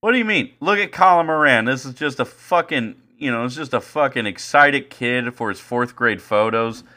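A young man trades jokes on a casual podcast. He rants in a mocking, animated way and swears freely. His voice is bright and sits at an ordinary pitch. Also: moderate pace. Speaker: podcast co-host. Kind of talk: casual banter.

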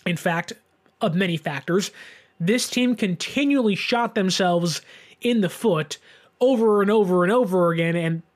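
A man in his twenties hosting a solo sports show, giving emphatic commentary. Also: sits high. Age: 20s. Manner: animated, emphatic rant.

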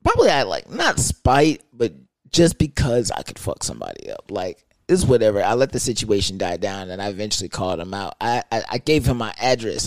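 A young man telling a casual story in an animated, profane, rambling way. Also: fairly low pitch, fairly quick, dry recording, studio quality.

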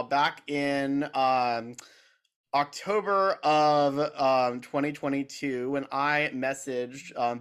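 A man's voice: fairly high pitch, a bit bright, smooth. A man hosting a casual podcast, talking eagerly about a cartoon series with his guests, with plenty of fillers. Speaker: podcast host.

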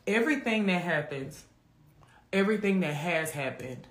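A man's voice: high-pitched, expressive, normal speed, a bit bright, roomy sound. A man from hosting a live faith podcast, chatting casually and often calling listeners "friend". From Memphis, USA. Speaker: podcast host.

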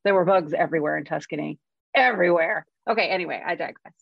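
A woman's voice: low-pitched, fairly even intonation, very fast, gravelly, breathy edge, dry recording. A woman screenwriter talking candidly in conversation, frank and self-deprecating, swearing freely. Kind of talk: candid personal storytelling in conversation. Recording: dull, dry lo-fi recording.

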